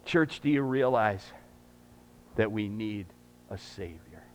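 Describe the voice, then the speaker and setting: A man preaching a sermon in a church, emphatic and rising loud, then praying in a hushed voice. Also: lowish voice, lively intonation, takes it slowly, a little hiss or hum. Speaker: pastor. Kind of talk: sermon and closing prayer. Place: church sanctuary.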